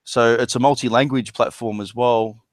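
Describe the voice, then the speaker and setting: A man's voice: mid-range voice, steady tone, moderate pace, dry recording. Rambling Australian man, dry close sound. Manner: rambling, crude jokes, playful. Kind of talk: casual chat.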